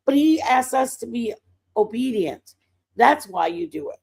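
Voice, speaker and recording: A woman hosting a livestream, telling faith stories in a casual, animated way and breaking into excited outbursts. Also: sits high, a little slow, creaky, slightly rough. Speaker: livestream host.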